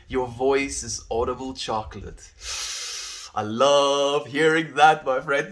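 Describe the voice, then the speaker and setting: South African male streamer, young adult, earnest musing tone, mid-pitched, reads chat aloud. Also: fairly bright tone. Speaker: livestreamer. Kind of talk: casual livestream chat.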